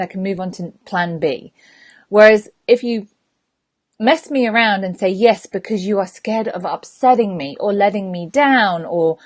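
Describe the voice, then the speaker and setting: A woman hosting a sobriety podcast, speaking directly to her listeners in an animated, frank way and acting out short scenes. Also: medium pitch. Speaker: sobriety coach and podcast host. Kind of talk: motivational talk to listeners.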